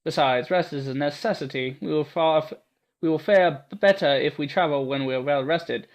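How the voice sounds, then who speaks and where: A man's voice: a little high, normal speed, natural voice. A man voicing a bossy swordswoman, Scottish. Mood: stern. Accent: put-on Scottish. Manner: brusque, commanding. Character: gruff tough woman swordswoman, blunt and bossy. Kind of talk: reading a visual novel aloud.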